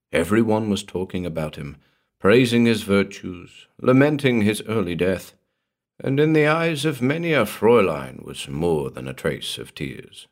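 A man reading a vintage horror tale aloud as a podcast narrator, measured and dramatic. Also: low-pitched, creaky. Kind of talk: scripted horror story narration.

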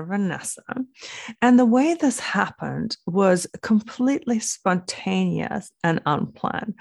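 Slow, gravelly-voiced woman podcast host. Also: mid-range voice, dry recording, clean studio sound. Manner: earnest, affirming, slow and deliberate. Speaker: podcast host, aesthetic doctor. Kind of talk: heartfelt podcast monologue. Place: home office desk corner. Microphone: video call recording.

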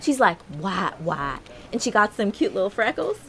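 A woman's voice: mid-range voice, very animated, moderate pace, fairly bright tone, a little hiss or hum. A woman playing a sassy female customer service agent with sugary phone politeness. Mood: gossipy.

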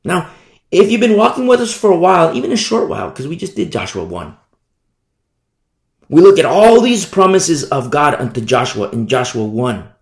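Animated male preacher in an echoey room. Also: on the high side, moderate pace, gravelly. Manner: animated, repeats phrases, asks rhetorical questions. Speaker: pastor. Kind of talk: expository Bible teaching sermon.

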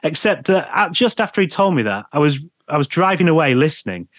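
A man from England, a radio presenter, telling lively anecdotes in a casual podcast interview and laughing often. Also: fairly high pitch, brisk, dry recording.

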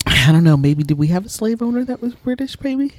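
A woman co-hosting a casual podcast, loud and profane, laughing often. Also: mid-range voice, very animated, a little fast, no echo, clean studio sound. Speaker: podcast co-host. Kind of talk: casual chat.

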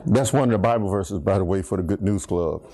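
A fast-talking middle-aged man teaches from the Bible as a pastor, with background noise in the recording. Preachy and swinging his pitch, he runs a call-and-response lesson where the congregation finishes his lines.

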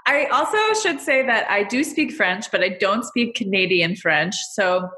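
A woman's voice: mid-range voice, normal speed, pushed and bright. Woman, podcast co-host, casual chat, dry wry humor, echoey room.

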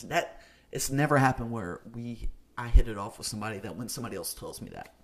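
A man hosting a solo podcast, talking through his pet peeves with high energy, jumping between loud emphatic bursts and quiet asides. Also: sing-song, brisk, vocal fry, breathy edge. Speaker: podcast host.

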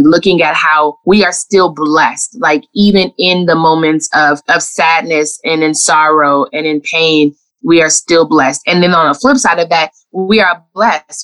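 A woman's voice: sits low, fairly bright tone, rough recording. A woman guest on an interview, speaking in an earnest, heartfelt way and close to tears, often repeating her phrases. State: emotional, near tears. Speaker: guest therapist. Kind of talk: reflective interview talk.

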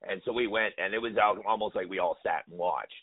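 A man's voice: lowish voice, fast. A man, a sports superfan guest, telling stories in a rambling, emotional way full of "you know". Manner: emotional, rambling, heavy with 'you know'. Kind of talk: casual storytelling interview. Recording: phone-like remote audio.

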